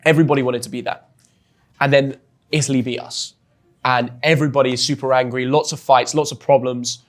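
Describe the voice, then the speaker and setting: A young man from England with an English accent, telling a story as a guest in an interview with lively, chatty energy and frequent restarts. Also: mid-range voice, fairly quick. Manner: chatty and animated, often restarts words. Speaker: guest, football influencer.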